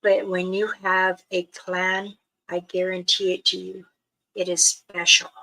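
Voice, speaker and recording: An older woman, a spiritual elder, talking casually to her viewers in a slow, soft, halting way with many pauses. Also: lowish voice, monotone, gravelly, rough recording. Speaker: spiritual elder and channel host.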